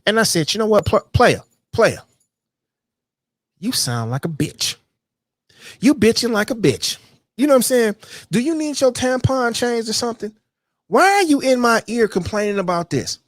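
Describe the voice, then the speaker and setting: A man's voice: high voice, no room sound. A man hosting his own podcast, ranting bluntly and with a lot of profanity about a complaining coworker, and now and then mocking people in a whiny voice. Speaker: podcast host. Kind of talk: casual rant monologue.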